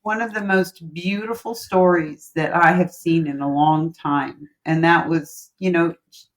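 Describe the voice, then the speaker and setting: A woman's voice: lowish voice, steady tone, unhurried. A woman guest, a relationship coach, telling a story in a casual interview with an earnest, heartfelt manner and repeated words for emphasis.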